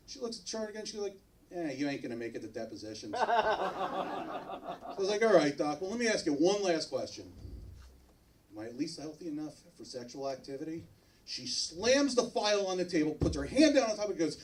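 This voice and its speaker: A New Jersey man does a stand-up set on a club stage, animatedly acting out the other characters in his jokes. His voice is a little high and brisk. He sits far from the mic on a low-quality recording with some hiss or hum.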